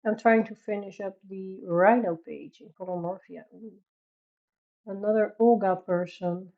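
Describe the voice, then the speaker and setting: A woman's voice: mid-range voice, fairly even intonation, unhurried, phone-quality sound. A woman from the Netherlands with a Dutch accent, chatting casually on a coloring live stream, reading chat aloud and laughing often.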